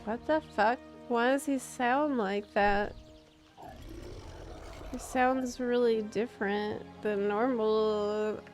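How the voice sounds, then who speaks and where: A woman streaming a video game talks slowly, her voice on the high side, with soft music in the background. She chats in a casual live-stream manner, expressive and talkative, and is quick to be moved by what happens.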